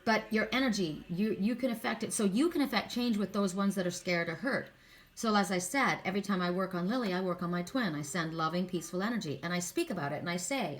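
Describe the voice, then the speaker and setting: In a fast, mid-range voice, a middle-aged oracle card reader offers casual spiritual talk, chatting earnestly and telling stories packed with asides and "you know"s.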